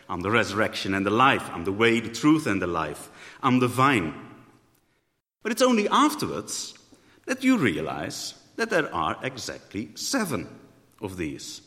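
A man's voice: lowish voice, pushed and bright. A man preaching a sermon in a thoughtful way, often rephrasing mid-sentence. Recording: echoey hall.

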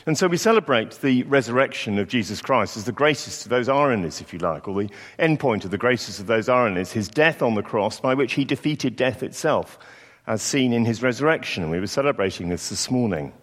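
Male preacher, mid pitch, storytelling sermon, long church reverb. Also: animated, a little fast, fairly bright tone. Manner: reflective, storytelling delivery with acted quotes.

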